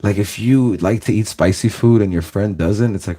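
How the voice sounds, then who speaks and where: Talking a little fast with hardly any pauses, this man has a medium-pitched, darkish voice, and there's slight background noise. He's a Los Angeles reaction-video host who rambles casually, fills every phrase with "like," and laughs often.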